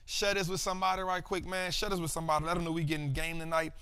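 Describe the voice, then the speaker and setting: Hyped, bright-voiced livestream host. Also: male voice, fairly high pitch, little pitch movement, very fast, clean tone. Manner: hyped, slangy, calls out to viewers. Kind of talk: casual livestream talk with chat shout-outs.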